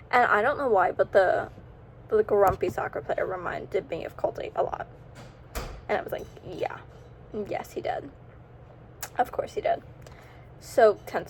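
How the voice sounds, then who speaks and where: A teenage girl with a fairly high, very lively voice rambles through a casual reading recap at home. She giggles often and drops her sentences halfway. A faint hiss runs under the camera mic. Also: low-quality recording. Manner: chatty and scattered, giggly, breaks off mid-sentence. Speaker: book vlogger.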